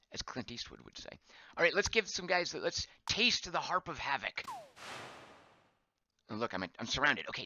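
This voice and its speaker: Male streamer, lively bright voice, chatty play-by-play that reads the chat aloud and thinks out loud, slightly hoarse, dull dry mic. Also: medium pitch, no room sound. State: voice going hoarse. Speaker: game streamer. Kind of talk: live gameplay commentary.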